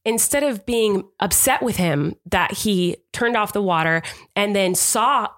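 A woman's voice: mid-range voice, lively intonation, measured pace, fairly bright tone. A woman co-hosting a podcast, telling a family story in a rambling, affectionate, teasing way. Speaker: podcast co-host. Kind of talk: casual storytelling chat.

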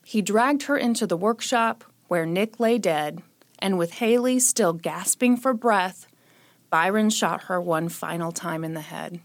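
A woman's voice: lowish voice, unhurried, no room sound. A woman hosting a podcast who tells a true crime story and chats in a jokey, sarcastic way, short on sleep. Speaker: podcast host.

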